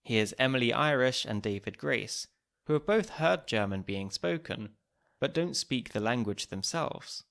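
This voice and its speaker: A man hosting a podcast, reading scripted narration with a measured, even delivery. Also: mid-range voice, gravelly.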